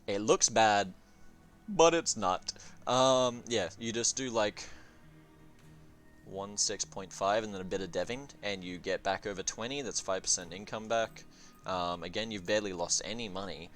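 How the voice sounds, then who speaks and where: Male game reviewer, lower voice, rambling profane commentary, soft music bed. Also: moderate pace. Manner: rambling, profane, thinking aloud with many fillers. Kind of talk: casual gameplay commentary.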